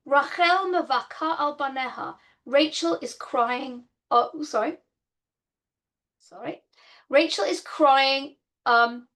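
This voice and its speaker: A woman with a high voice gives an online Torah lesson over a video call. A gravelly fry runs through her speech. She reads Hebrew verses, translates them, and explains them patiently and with real feeling. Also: a bit bright. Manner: earnest and heartfelt. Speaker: Torah teacher.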